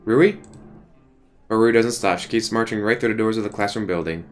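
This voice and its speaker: A man streaming a visual novel, reading the text aloud in a casual way with quick asides. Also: lowish voice, fairly even intonation, faint music behind. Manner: casual, reads every part, quick asides.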